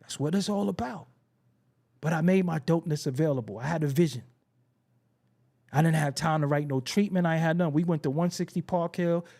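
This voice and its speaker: A man's voice: fairly high pitch, a little fast, gravelly, dark tone. A man hosting a hip-hop talk show, telling stories in a casual, streetwise way full of slang, repeats and emphatic asides. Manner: frequent profanity and slang. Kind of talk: casual commentary monologue.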